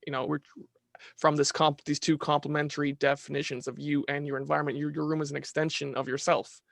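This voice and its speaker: A man talking as a podcast guest in casual conversation, animated, restarting his sentences and asking "right?" often. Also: a little high, quick pace, vocal fry, no room sound.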